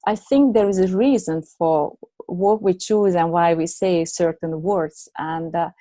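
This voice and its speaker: A middle-aged woman whose first language is not English speaks as a guest coach. Her voice sits low and warm, and she reflects slowly with fillers and restarts. The recording is dry and close. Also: no room sound. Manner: reflective, many fillers and restarts, laughs often. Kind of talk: conversational storytelling.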